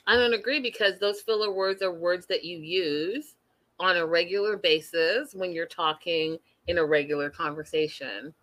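A woman hosting a casual recap chat over a video call, animated and talking straight to her co-host. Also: on the low side, normal speed. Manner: animated, acts out quotes, addresses co-host by name. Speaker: podcast host.

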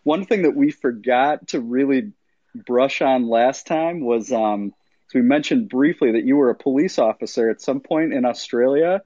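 A man's voice: mid-range voice, moderate pace, warm tone, dry recording, dull audio. A man hosting a podcast and interviewing a guest, talking in a jokey, rambling way and correcting himself. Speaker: podcast host.

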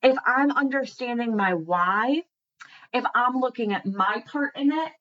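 A woman's voice: on the high side, animated, unhurried, highs cut off. A woman talking casually and earnestly about communication, asking many rhetorical questions. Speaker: speaker on communication. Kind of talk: casual monologue.

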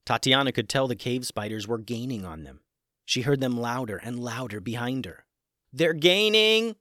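A man narrating a children's adventure story, shifting expressively between hushed suspense and excitement. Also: mid-range voice, normal speed, no echo, clean studio sound.

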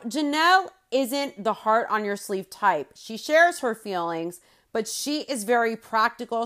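A woman hosting a podcast, giving opinionated, indignant reality-show recap commentary with big swings in loudness and pace. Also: mid-range voice, clear, resonant tone. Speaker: podcast host.

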